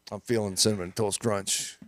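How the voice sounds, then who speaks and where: A man's voice: lowish voice, a bit bright. A man co-hosting a talk show, joking around in casual slangy chat. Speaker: co-host.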